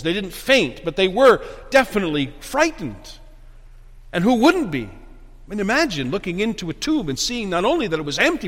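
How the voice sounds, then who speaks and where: A man with a high-pitched voice preaches an emphatic sermon as pastor, hammering phrases again and again and then sinking into hushed tones. His voice rings with a long reverb, as if in a church sanctuary.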